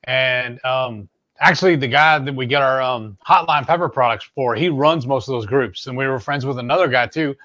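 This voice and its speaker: A man hosting a cooking video in his home kitchen, talking in a relaxed, folksy way. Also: mid-range voice, normal speed, dull audio. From Texas. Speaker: cooking channel host. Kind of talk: casual chat while cooking.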